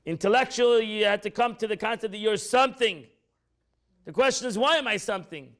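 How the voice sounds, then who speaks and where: A man teaching an informal Torah class as a rabbi, animated and repetitive, acting out quotes as he explains. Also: high voice, brisk. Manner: animated, repeats phrases, acts out quotes.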